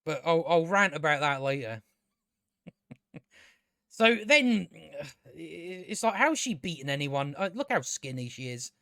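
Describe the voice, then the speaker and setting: A man's voice: on the high side, sing-song, measured pace, pauses often, sharp tone, no echo, studio quality. A man reviewing a TV show in a casual solo rant, sarcastic and profane, often stammering and restarting his sentences.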